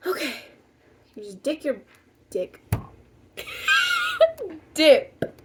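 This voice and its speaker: Woman beauty vlogger, offhand and jokey self-talk, slightly high pitch, hissy home recording. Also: a little mellow. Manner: rambling, talks to herself, jokey. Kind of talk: casual makeup tutorial chat.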